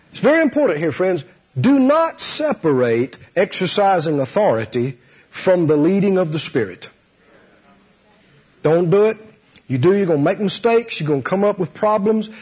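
A man preaching a sermon, animated and often laughing as he acts out voices. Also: sits high, husky. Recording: dull lo-fi sound.

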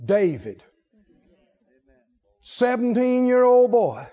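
A man preaching a sermon in an animated style, acting out stories and dropping into hushed asides. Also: extremely high pitch, slow pace, highs cut off.

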